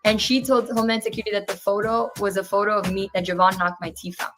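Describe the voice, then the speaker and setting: A woman's voice: medium pitch, quick pace, over music. A young woman in her twenties talks as an interview guest in a mid-range voice. She tells a personal story with earnest indignation and acts out every back-and-forth as she goes. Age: 20s. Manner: animated retelling, acting out each exchange.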